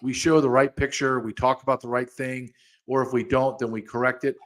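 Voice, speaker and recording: A man's voice: mid-range voice, little pitch movement, brisk. A man hosting a podcast, ranting angrily in heated commentary, with frequent restarts and repeated words. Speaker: podcast host.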